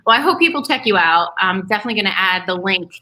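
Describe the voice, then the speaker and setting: A woman's voice: mid-range voice, lively intonation, fast talker, pushed and bright, low-quality recording. A woman hosting an interview in a casual, enthusiastic way, laughing easily and praising her guest. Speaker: host.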